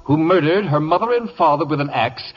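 An actor playing a pompous, sardonic male radio celebrity in a 1950s radio play, with a slightly raspy, theatrical delivery, on a dull vintage broadcast recording. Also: a little high, lively intonation, fairly quick. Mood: sly.

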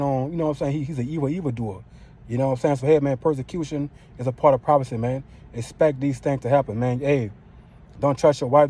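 A male preacher with a mid-range, husky, dark voice delivers an informal sermon in a rapid, rolling style. His manner is rough, profane, and street-style, constantly dropping "man" and "you know what I'm saying."

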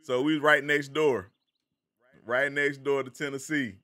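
A man's voice: mid-range voice, fairly even intonation, unhurried, pushed and bright. A man with a Southern American accent, from the Carolinas, casually chatting with viewers by name while streaming a game. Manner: laid-back, chatty, greets viewers by name.

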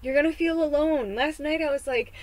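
A woman's voice: sits high, brisk, a little mellow, no room sound, rough recording. A woman in her forties hosting a psychic reading podcast, talking in a candid, rambling way, swearing freely and close to tears. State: tearful, close to crying. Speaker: psychic medium host. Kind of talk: casual spoken tarot-style reading podcast.

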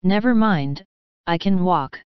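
A woman's voice: on the low side, slow pace, clear, resonant tone, no room sound. A woman voicing a tired, heartsick young woman who speaks plainly and near tears. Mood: weary. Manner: plain, weary, tearful speech. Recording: dull, dry studio audio.

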